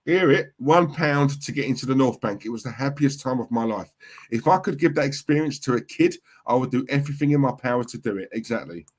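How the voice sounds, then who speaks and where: A middle-aged man hosting a football watchalong, reacting loudly to the game and reading out chat comments. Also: mid-range voice, a little fast. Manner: animated, reacts loudly to goals and reads chat.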